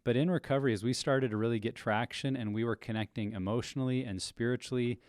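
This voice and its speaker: A married man speaking on a podcast in a measured, thoughtful way. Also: medium pitch, steady tone, a little mellow, no echo, clean studio sound. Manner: measured and thoughtful, with some restarts. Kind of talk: reflective podcast discussion.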